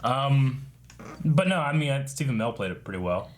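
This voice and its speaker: A man hosting a casual reaction chat, animated and laughing often as he acts out quotes. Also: mid-range voice, moderate pace, slight background noise. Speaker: show host.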